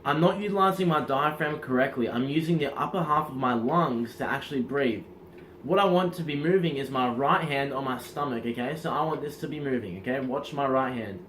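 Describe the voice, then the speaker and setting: A man coaching in casual instructional talk, energetic and demonstrative, often checking in with the listener. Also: mid-range voice, fairly quick, slight background noise. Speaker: self-improvement coach.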